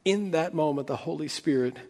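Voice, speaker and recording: Pastor guy preaching, swells up big then drops real quiet, long echo off a big hall. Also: on the high side, a little fast. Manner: dramatic, swelling then dropping to near hush. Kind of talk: sermon.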